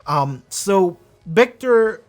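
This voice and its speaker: A man with a somewhat high voice, rambling through casual reaction commentary on a show. He swears freely and slips into quick impressions of the characters. It sounds unscripted and loose. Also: animated, faint music behind. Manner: rambling, profane, acts out characters' lines. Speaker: reaction video host.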